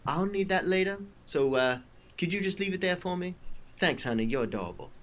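A man's voice: sits high, expressive, fairly quick, a bit bright, pitched above the performer's own voice. A man doing a sly Baroness villainess. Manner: drawling, syrupy, calls others honey. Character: scheming female villain baroness, sweet-talking.

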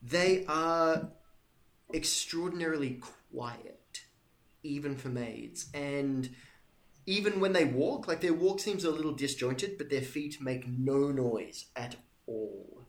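Running the tabletop game as its game master, a man speaks slowly in a fairly high voice. His narration stumbles, with frequent restarts, repeated words and self-deprecating hesitance.

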